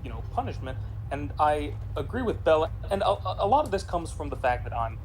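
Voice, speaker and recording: A man's voice: fairly high pitch, very animated, fairly quick, rough recording. Rambling man, game music behind. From United States. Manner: rambling, many fillers and restarts. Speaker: co-player in a game stream. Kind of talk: casual chat while gaming.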